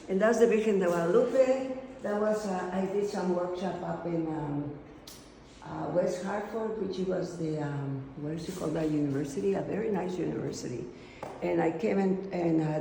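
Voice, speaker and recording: Woman, Mexican Spanish accent, gravelly and mellow, excitable studio-tour artist in an echoey room, heard from off-mic. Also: fairly low pitch, far from the mic, a little hiss or hum. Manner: excitable, rambling, switches into Spanish. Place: indoor home studio.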